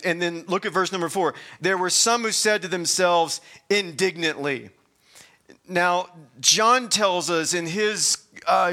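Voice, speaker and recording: A man's voice: fairly high pitch, sharp tone. A middle-aged man preaching a sermon as pastor, conversational, with frequent restarts and rising emphasis.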